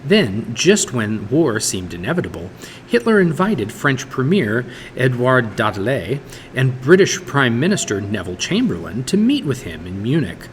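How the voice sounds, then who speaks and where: Male teacher type reading a textbook aloud, lively pitch, echoey room. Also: slight background noise. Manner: steady reading with occasional small stumbles and self-corrections. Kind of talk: read-aloud textbook narration.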